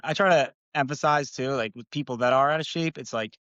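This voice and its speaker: A man's voice: mid-range voice, brisk, few pauses, fairly bright tone, no room sound, lo-fi sound. A young man, a personal trainer, chatting casually as a podcast guest, upbeat and rambling with lots of "you know" fillers.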